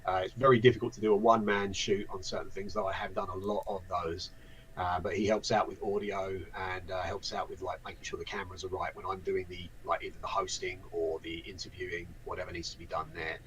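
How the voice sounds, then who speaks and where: A man from southeast England with an Essex accent chats on a live stream as the guest, in his forties. His voice sits fairly low, and he rambles along with easy restarts and self-deprecating jokes. A faint hum of ambience sits behind him. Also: little pitch movement, fast, fairly bright tone, rough recording. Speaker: interview guest. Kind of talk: casual live-stream chat.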